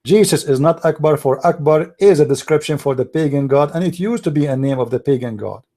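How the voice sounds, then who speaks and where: Guy hosting a call-in show, lecturing all scornful, non-native english, kinda high but mellow dark voice. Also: fairly quick. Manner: scornful, lecturing, repeats himself. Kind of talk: heated monologue.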